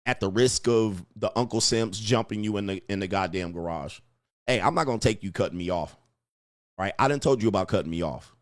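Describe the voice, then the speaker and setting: A man's voice: lowish voice, a little fast, dry recording, clean studio sound. A man giving blunt, crude relationship advice in a mocking, preachy rant, answering viewer comments. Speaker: dating advice host.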